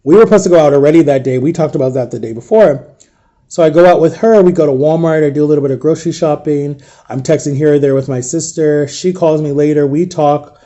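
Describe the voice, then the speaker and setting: A man recounting a painful story in an emotional storytime vlog, subdued and grieving, halting and repeating himself. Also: fairly high pitch, dark tone. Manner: halting, repetitive retelling. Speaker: vlogger.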